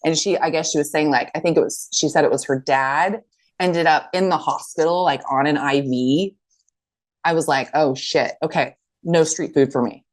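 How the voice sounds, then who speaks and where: A woman with a fairly low voice co-hosts a podcast in a relaxed chat. She tells stories with energy, slips into the voices of the people she quotes, and swears casually. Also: normal speed. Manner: animated storytelling, acting out quotes, swearing. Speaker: podcast co-host.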